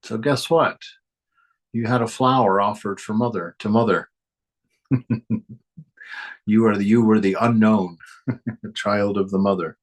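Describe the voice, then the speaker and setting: A man hosting a reading of a spiritual text, reading passages aloud and adding relaxed, gently chuckling commentary. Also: fairly low pitch, a little slow, long pauses, low-quality recording. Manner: relaxed, chuckles between thoughts.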